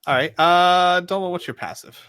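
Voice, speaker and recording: A man running a tabletop game as game master, narrating scenes in a lively way. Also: high voice, normal speed, clean tone.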